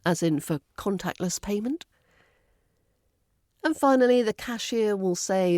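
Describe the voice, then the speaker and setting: Woman, British RP, accent coach, slow measured delivery, close dry sound. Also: mid-range voice, mellow, no echo. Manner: slow, careful, model-phrase delivery. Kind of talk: scripted teaching narration.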